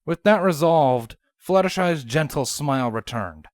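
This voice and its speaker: A woman narrating a fanfiction story with an expressive reading. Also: very deep voice, normal speed, no echo, studio quality. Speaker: fanfiction reader.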